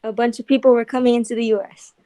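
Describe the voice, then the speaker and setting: A woman's voice: a little high, level tone, rapid-fire, mellow, no echo. A woman student answering a tutor's questions hesitantly, searching for the right answer. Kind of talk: casual study session.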